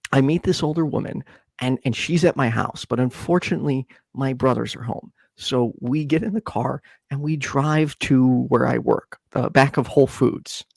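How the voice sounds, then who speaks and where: A man's voice: moderate pace, creaky, no echo. A man in his twenties, co-hosting a casual podcast, telling a story and acting out quotes in a raised voice. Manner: animated, acts out quotes in a high voice. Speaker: podcast co-host.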